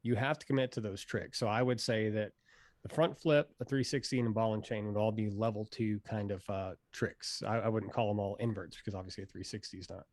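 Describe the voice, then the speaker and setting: A man who is a pro hydrofoil rider, explaining tricks in a relaxed, rambling way and using many fillers. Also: fairly low pitch, brisk, dry recording, studio quality. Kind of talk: casual instructional interview.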